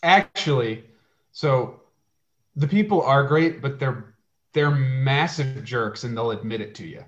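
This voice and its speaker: A man's voice: medium pitch, a little slow, a bit bright, dull audio. A man co-hosting a casual podcast, speaking with dry sarcasm. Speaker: podcast co-host. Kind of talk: casual chat.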